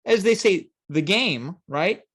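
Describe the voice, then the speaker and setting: A man hosting a comedic chat show, teasing his guest with deadpan jokes and mock-earnest advice. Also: high-pitched, slow. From Canada. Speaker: host.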